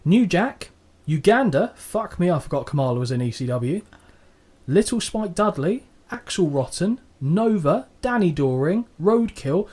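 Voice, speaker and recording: A man's voice: high-pitched, sing-song, measured pace, a little mellow, breathy edge. Male co-host, light voice, loose, sweary, jokey banter. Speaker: podcast co-host. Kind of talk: casual chat.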